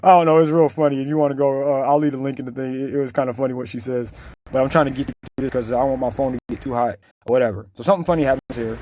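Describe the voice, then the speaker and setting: A man's voice: mid-range voice, fairly even intonation, racing, dark tone, a little hiss or hum. A man giving blunt, slangy, mocking reaction commentary over a video clip.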